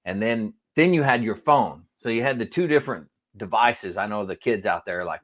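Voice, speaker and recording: A man telling a long funny story in casual chat as a podcast co-host, acting out quotes with sudden jumps in voice. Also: fairly quick. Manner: animated, acts out quotes with big pitch jumps.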